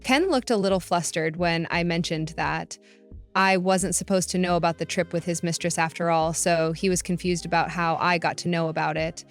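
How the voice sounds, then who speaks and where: A woman's voice: fairly low pitch, steady tone, normal speed, faint music behind. A woman narrating a first-person revenge story in an emphatic, indignant way.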